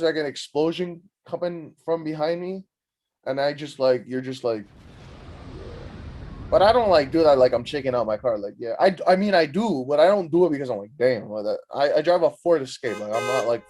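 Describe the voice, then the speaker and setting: A young man hosting a podcast, telling a rambling comedic story full of swearing, self-mockery and constant "like" fillers. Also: medium pitch. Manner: profane, animated, self-mocking, frequent "like" fillers. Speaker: podcast host.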